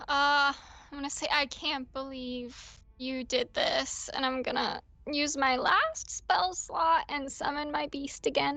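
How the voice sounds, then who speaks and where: High-voiced woman player thinking aloud. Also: a bit bright, no room sound. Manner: chatty, hesitant, thinking aloud. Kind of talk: casual tabletop play.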